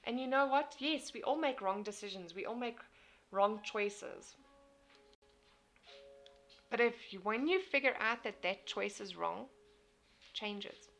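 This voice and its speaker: Her voice sits a little high, slightly bright and gravelly, and she takes her time with long pauses while faint music plays behind. She's a young South African woman running a casual motivational live stream, earnestly reading viewer comments and frequently repeating or restarting phrases.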